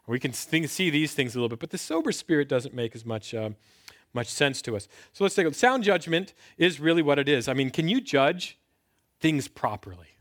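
A man in his thirties, a pastor, delivers a conversational sermon indoors in a filmed talk, his mid-range voice carrying a fairly bright tone. He poses rhetorical questions and presses hard on key words, his delivery rising emphatically.

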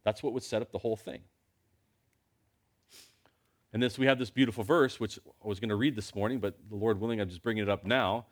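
A man's voice: fairly low pitch, fairly even intonation, very fast. A man preaching a sermon in a church, talking to his congregation in a conversational way with lots of rhetorical questions.

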